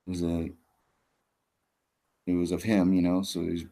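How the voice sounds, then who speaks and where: A man hosting a casual chat, rambling and hesitant, often trailing off quietly. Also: deep voice, level tone, measured pace. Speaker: podcast host.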